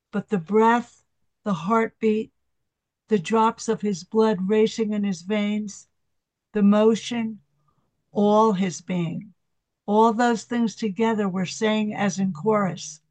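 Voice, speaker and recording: Brief: a reader doing a gentle, unhurried Jesus, devotional reading, dry sound. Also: medium pitch, no room sound. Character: Jesus as a tender divine father speaking to a devotee.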